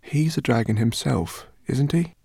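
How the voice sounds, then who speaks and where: A man voicing a kind, curious young girl in a gentle, earnest voice, as an audiobook character. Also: mid-range voice, measured pace, creaky, husky, no room sound, studio quality, voice pushed up.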